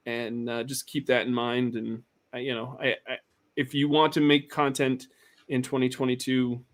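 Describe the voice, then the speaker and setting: A man's voice: medium pitch, flat delivery, moderate pace. A man hosting a casual livestream chat, rambling with many fillers and restarts. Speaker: podcast host.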